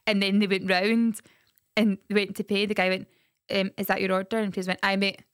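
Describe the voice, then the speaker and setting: A woman's voice: mid-range voice, little pitch movement, normal speed, smooth, no room sound, studio quality. A young Scottish woman co-hosting a podcast, chatting casually and acting out the people in her stories while she giggles. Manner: giggly storyteller, acts out quotes. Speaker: podcast co-host. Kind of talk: casual chat.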